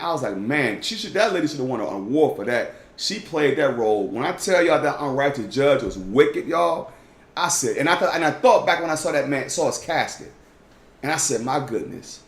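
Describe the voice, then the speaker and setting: A man's voice: medium pitch, big pitch swings, moderate pace. Emphatic preacher man in an echoey room. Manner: emphatic, repeats "y'all", swings from loud to hushed. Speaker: teacher leading a Bible study. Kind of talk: informal Bible teaching.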